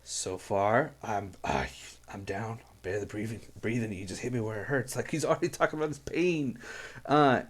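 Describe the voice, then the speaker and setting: A man's voice: lowish voice, moderate pace. A man hosting a music reaction video, talking in an earnest, rambling way with many fillers and restarts. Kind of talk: casual reaction commentary.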